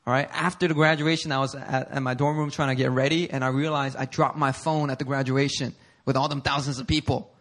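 A male pastor telling a personal story in a sermon, animated and conversational, often laughing. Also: medium pitch, a little fast. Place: church service before a congregation.

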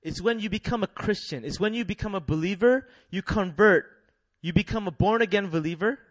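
Young guy preaching, high voice, chuckles a lot, gets the crowd repeating words, dry close sound. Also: brisk, no echo. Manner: lively, laughing often, call-and-response with congregation. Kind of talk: sermon.

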